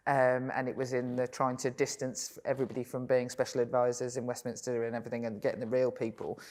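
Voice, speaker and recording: A woman's voice: rumbling low, little pitch movement, fast talker, a little mellow. A middle-aged woman with a Birmingham accent, talking frankly and chattily as a guest in an onstage conversation. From England. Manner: frank, chatty, laughs easily. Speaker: politician guest.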